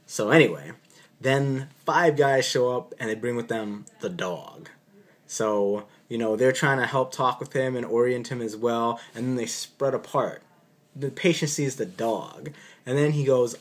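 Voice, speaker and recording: A man's voice: medium pitch, a little slow. A man, a doctor, casually telling a story from an on-call night shift with a dry, sarcastic edge. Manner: wry, sarcastic delivery. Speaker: physician recounting an on-call shift.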